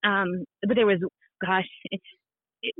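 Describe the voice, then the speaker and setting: A woman's voice: mid-range voice, measured pace, no room sound. Woman in her 30s, chatty podcast guest, narrow phone-line sound. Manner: animated, self-deprecating, laughs often, many fillers. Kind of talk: casual storytelling on a podcast. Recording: thin phone-like sound, dry.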